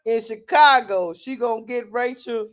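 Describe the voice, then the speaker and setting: A man with a very high voice chats on a casual sports talk panel. He is animated, laughs often and talks over the others. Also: measured pace.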